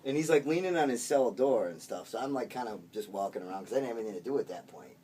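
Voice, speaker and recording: Man telling a story with lively pitch. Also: fast talker. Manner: laughs between lines, chatty fillers. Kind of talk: casual spoken anecdote. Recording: distant mic with clear background noise.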